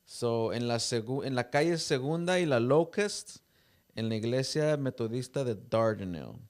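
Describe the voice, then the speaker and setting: A man's voice: mid-range voice, lively intonation, normal speed, a little mellow. A man from the US West Coast hosting a casual live-stream chat, talking easily and switching between English and Spanish. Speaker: host.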